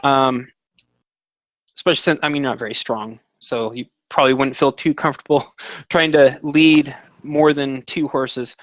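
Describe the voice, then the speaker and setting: A man's voice: medium pitch, steady tone, moderate pace, fairly bright tone, no room sound. A man running a tabletop game as game master, rambling with fillers and restarts.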